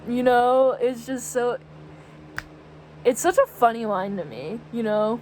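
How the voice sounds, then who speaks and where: A woman's voice: on the high side, unhurried, slight background noise, rough recording. A young woman chatting casually about music in a vlog, rambling and giggling as she quotes lyrics. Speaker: vlogger.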